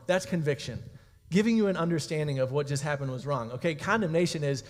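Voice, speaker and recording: A man's voice: on the high side, lively intonation, a little fast. A young man preaching a youth sermon in a casual, conversational way, checking in with his listeners often. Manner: casual, conversational preaching with frequent "okay?" and "guys". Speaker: youth pastor. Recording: long reverb of a hall.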